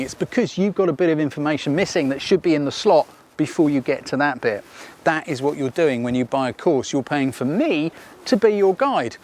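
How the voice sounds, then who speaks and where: A man coaching beginner photographers outdoors in a casual, energetic rant with emphatic repetition and the odd sarcastic aside. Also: fairly high pitch.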